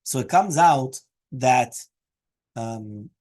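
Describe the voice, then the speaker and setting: A man's voice: mid-range voice, lively intonation, very slow, darkish tone. A man teaching a daily Talmud class, explaining each Aramaic phrase in English and often checking with "right?" and "okay?". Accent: Hebrew and Aramaic terms mixed into English.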